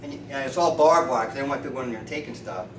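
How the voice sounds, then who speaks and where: A man in his fifties, a chiropractor, telling lively stories at a meeting and acting out the people he quotes. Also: medium pitch, fast talker. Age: 50s. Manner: animated storyteller acting out quoted voices. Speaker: chiropractor, featured speaker. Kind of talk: storytelling talk to a meeting. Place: meeting room. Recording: roomy, distant mic with faint noise.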